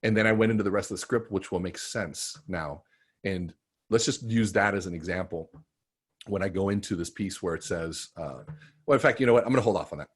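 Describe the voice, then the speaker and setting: A middle-aged man coaching salespeople in a live online training session, telling stories with big swings between loud bursts and quiet, emotional moments. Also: on the low side, husky.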